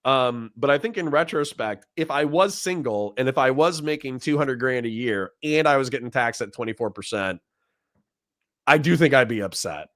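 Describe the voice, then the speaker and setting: A man's voice: mid-range voice, animated, moderate pace, fairly bright tone, no echo, clean studio sound. A man hosting a casual political debate stream, laughing hard and apologizing again and again. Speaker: streamer host.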